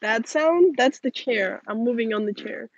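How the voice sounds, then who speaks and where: A young woman, tired and yawning, reading viewer questions aloud and chatting back in a relaxed way on a livestream outdoors. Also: a little high, moderate pace, muffled recording, slight background noise. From Russian-speaking family. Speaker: livestream host. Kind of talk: casual livestream chat reading comments.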